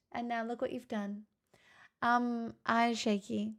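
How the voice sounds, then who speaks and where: A woman's voice: a little high, steady tone, moderate pace, smooth. A woman livestreaming, chatting playfully and teasingly with her viewers. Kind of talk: casual live-stream chat.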